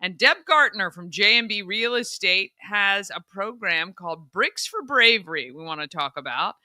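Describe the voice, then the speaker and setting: A man's voice: high voice, animated, moderate pace, pushed and bright, dry recording. A man hosting a local morning show, chatting casually and promoting upcoming events with upbeat energy. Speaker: host. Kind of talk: casual chat.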